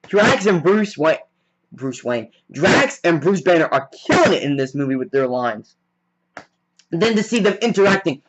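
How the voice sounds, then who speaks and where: A man excitedly recapping a film scene by scene in a casual, rambling way, full of "like". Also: a little high, moderate pace, dull audio. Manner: rambling, heavy on "like" fillers; excitable fan. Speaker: movie reviewer.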